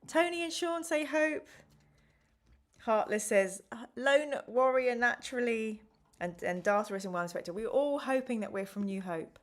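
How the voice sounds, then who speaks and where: A woman's voice: medium pitch, expressive, a little fast, few pauses. Chatty woman streaming a gamebook. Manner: chatty, reads choices aloud and talks to viewers. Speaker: streamer and host. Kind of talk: live-streamed gamebook play-through.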